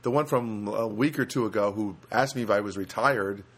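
A man's voice: on the low side, brisk. An older man telling stories in a casual, rambling monologue, with lots of restarts and asides.

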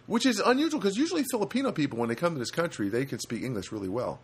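A man's voice: a little high, very animated, racing, hardly any pauses, slightly rough. An older man telling stories in a casual, rambling monologue, with lots of restarts and asides.

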